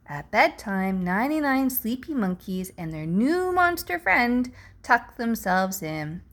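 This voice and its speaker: Female picture-book reader, unhurried and animated, playful with whispered asides. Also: fairly high pitch. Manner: expressive, playful, gasps and hushes for effect. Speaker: storybook reader. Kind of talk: reading a picture book aloud.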